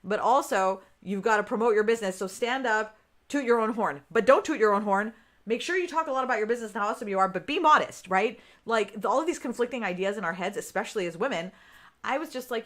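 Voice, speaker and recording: A woman's voice: medium pitch, quick pace, a bit bright. A woman coach speaks to her live audience in a loose, chatty podcast style. She moves from point to point and keeps checking in with her listeners. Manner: chatty, keeps asking "right?"; talks straight to her viewers. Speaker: business coach. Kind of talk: live-streamed podcast chat.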